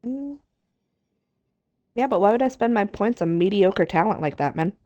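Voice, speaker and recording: A woman's voice: medium pitch, expressive, normal speed, warm tone, dull audio. A woman on voice chat during a game stream, teasing her friend and laughing often. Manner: teasing, giggly. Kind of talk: casual gaming chat with friends.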